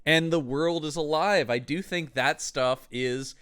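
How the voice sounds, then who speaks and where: A man's voice: on the high side, unhurried, a bit bright, smooth, no echo, clean studio sound. A man co-hosting a podcast, chatting with enthusiasm about a film and its director's choices. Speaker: podcast co-host. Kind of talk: casual film discussion.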